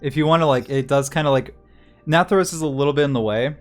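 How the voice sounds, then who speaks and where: A man's voice: on the high side, fast, faint music behind. A man narrating as game master in a tabletop game, casual and chatty, laughing often.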